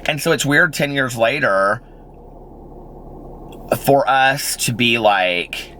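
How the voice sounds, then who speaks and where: A man in his forties chats through a personal story in a loose, rambling way, stacking "like" and small laughs. His voice is bright and crisp at a middle pitch. A faint hiss sits under the recording. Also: slow. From Indiana, United States. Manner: chatty, rambling, full of "like" and laughs. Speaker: vlogger. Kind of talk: casual storytelling vlog.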